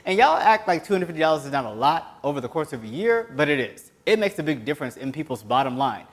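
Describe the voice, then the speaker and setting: Male host, high pitch, fiery sarcastic solo rant. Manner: impassioned, sarcastic, breaks into yelling. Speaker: host of a web commentary show. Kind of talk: solo political commentary rant.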